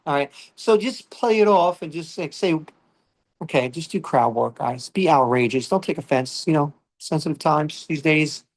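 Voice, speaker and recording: A man's voice: fairly high pitch, expressive, moderate pace. A middle-aged man, doing a rambling stand-up set full of fillers and "all right?" check-ins. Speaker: stand-up comedian.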